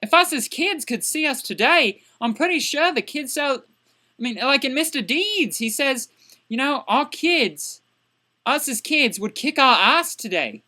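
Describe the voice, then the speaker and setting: A woman's voice: high voice, expressive, unhurried, pushed and bright, full character voice. A woman playing a crude, indignant young man who rants exasperatedly in a comedic character vlog.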